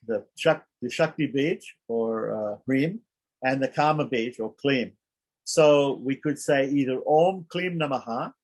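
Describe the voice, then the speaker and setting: Halting man teaching a scripture class. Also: mid-range voice. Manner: halting, thinks aloud with restarts and asides; chants mantras slowly and carefully.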